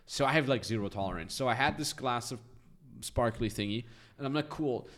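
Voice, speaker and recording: Animated Austrian-raised man telling stories. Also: medium pitch, a little fast. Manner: animated, acts out voices in his stories. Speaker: podcast guest. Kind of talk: casual storytelling.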